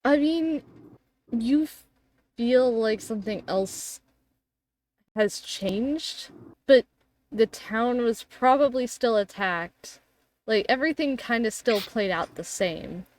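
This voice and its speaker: A woman runs a tabletop game as game master, narrating in a casual way. Her voice sits fairly high. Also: lively intonation, slow pace, long pauses, a little mellow, slight background noise.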